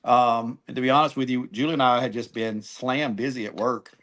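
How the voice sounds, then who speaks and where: Middle-aged man, podcast guest, casual animated storyteller, average pitch. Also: fairly quick. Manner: animated, acts out phone calls. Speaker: guest, barbecue team cook.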